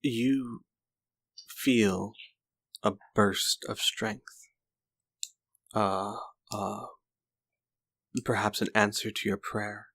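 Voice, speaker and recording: A man narrating a tabletop game as game master in a slow, deliberate storytelling manner. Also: on the low side, vocal fry, a bit bright.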